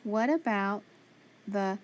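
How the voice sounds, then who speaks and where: A woman teaching a phonics lesson to a class, encouraging them, asking questions and sounding out letters slowly. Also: mid-range voice.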